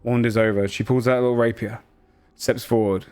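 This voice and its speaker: Game master narrating with loose fillers. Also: male voice, medium pitch, fairly even intonation, a little fast, a little mellow, clear, resonant tone, faint music behind.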